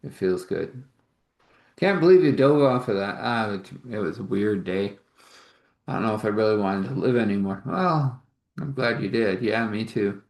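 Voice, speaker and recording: Man narrator, lowish voice, halting improvised storytelling with acted-out dialogue, echoey room. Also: animated. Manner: rambling, halting, acts out dialogue in shifting voices.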